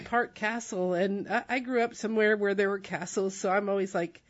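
An American woman recounting a trip with lively, laughing delivery. Her voice sits in an ordinary middle register. The recording is somewhat dull and lo-fi. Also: medium pitch, a little fast. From United States. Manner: animated, laughs while telling. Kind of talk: casual storytelling.

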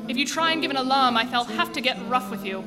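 A lisping jewel thief boss. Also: male voice, very high-pitched, fast talker, music in the background. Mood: menacing. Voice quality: lisp. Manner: threatening, clipped orders. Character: menacing male jewel thief gang leader. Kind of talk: 1940s radio acting. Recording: reverberant old radio broadcast.

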